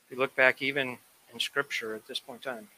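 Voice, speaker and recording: A man preaches a sermon with a very bright, forward tone. His delivery is animated, acting out quoted voices and swelling loud on key lines. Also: medium pitch, a little fast, slight background noise, rough recording. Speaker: pastor.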